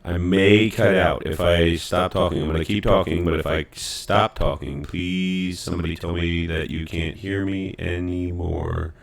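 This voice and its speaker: Deep-voiced young male game streamer. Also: fairly even intonation, measured pace, creaky, few pauses. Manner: chatty, self-interrupting while fixing his audio. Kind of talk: casual live game stream chat.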